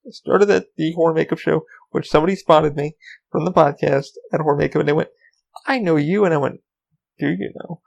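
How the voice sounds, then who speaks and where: Casual male podcast host, slightly high, gravelly voice, rambling and profane. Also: poor audio. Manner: rambling, swears freely, frequent ums. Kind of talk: casual solo podcast chat.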